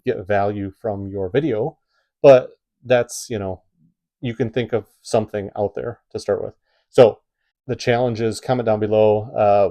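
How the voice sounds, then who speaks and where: Midwestern man rambling with low mellow voice. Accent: Midwestern American. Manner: rambling, many fillers and restarts. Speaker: YouTube creator giving tips. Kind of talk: casual advice vlog, talking to camera. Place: at home.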